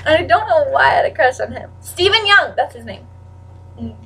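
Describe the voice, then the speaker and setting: A teenage girl chatting casually to camera in a rambling way, full of "like" and with sudden loud outbursts. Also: sits high, sing-song, brisk, creaky, distant mic, background noise. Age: teens. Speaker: vlogger.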